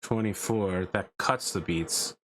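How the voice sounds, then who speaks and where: A man playing a farming game roleplay, talking in a dry, deadpan way and pushing for a deeper tone. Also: slow. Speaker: roleplay player. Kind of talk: casual gaming chat. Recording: steady background noise.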